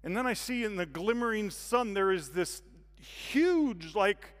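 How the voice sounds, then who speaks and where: A high-voiced man tells a sermon as a vivid story, jumping from quiet asides to shouted excitement. His voice carries a long reverb from a large hall. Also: measured pace, smooth. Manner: animated, acts out scenes with sudden loud bursts. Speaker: guest speaker.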